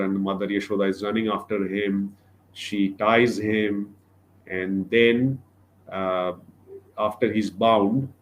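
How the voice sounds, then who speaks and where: A man giving a livestreamed religious class, retelling a scripture story in a thoughtful, halting way with many fillers. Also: on the low side. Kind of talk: sermon storytelling. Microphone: livestream microphone.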